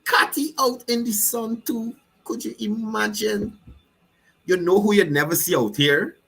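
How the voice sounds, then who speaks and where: A Guyanese man hosts a heated political commentary show, mocking the people in power and repeating his points. His voice is tense and cutting, with a husky edge to it. It sits a little higher than most men's. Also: a little slow, a bit bright, poor audio. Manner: mocking, repetitive, keeps asking "you understand?".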